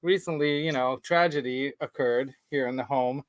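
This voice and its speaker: A man hosting a casual show, telling a story in a rambling, animated way with laughs. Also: medium pitch, moderate pace, dry recording, poor audio. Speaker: show host. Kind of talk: casual chat.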